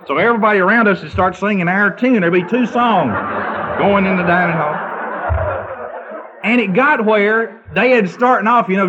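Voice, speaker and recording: An older man recounts silly anecdotes in a loose, folksy manner. His voice sits high for a man. The recording sounds muffled and lo-fi. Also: moderate pace, fairly bright tone. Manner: folksy anecdotal storyteller, breaks into sung bits and laughter. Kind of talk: humorous storytelling. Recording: dull lo-fi recording.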